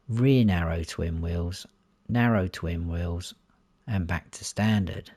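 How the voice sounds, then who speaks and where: Gaming channel host, man, very low unhurried voice, dry close recording, lists menu options one by one. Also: a little mellow, no room sound. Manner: listing options one by one while clicking through menus. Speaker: gaming YouTuber. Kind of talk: console gameplay walkthrough.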